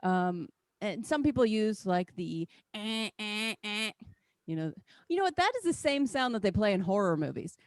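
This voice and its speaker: A woman's voice: medium pitch, sing-song, normal speed, dry recording. An American woman performs stand-up over a video call, talking in a chatty, self-deprecating way. She laughs at her own lines now and then, and the sound is close and dry with no room around it. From United States. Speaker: stand-up comedian. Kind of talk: stand-up set.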